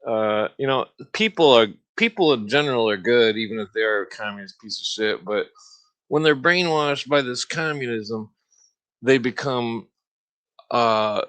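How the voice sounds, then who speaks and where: A man hosting a podcast in a rambling, profane solo rant, heavy on filler words and throat-clearing. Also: mid-range voice, animated, measured pace, fairly bright tone. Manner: mocking sneer when imitating opponents. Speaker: podcast host.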